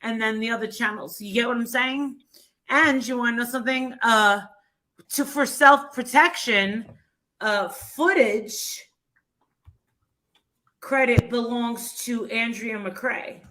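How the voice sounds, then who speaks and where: A woman talking in a casual vlog, animated and pointed. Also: on the high side, slow.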